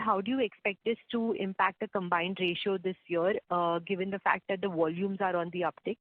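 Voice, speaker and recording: A woman analyst asking questions on an earnings call, polite and halting with fillers. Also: medium pitch, no echo. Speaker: financial analyst. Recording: dry, tinny phone line.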